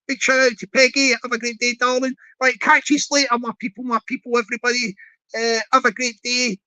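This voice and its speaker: A man with a Southwest England accent hosts a relaxed livestream and talks straight to his chat. He rambles and repeats phrases as he runs through shout-outs. He laughs easily and keeps it all loose and casual. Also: very high-pitched, a little fast. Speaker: livestream host.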